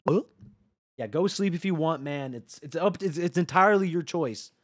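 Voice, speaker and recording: A man streaming a horror game live, joking with his chat, swearing and getting excitable. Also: fairly high pitch, moderate pace. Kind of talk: live gameplay commentary.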